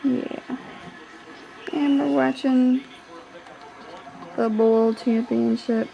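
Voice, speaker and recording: A woman filming her newborn at home on a handheld camcorder, talking to him in soft cooing baby talk. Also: a little high, fairly even intonation, very slow, creaky, rough recording. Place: living room at home.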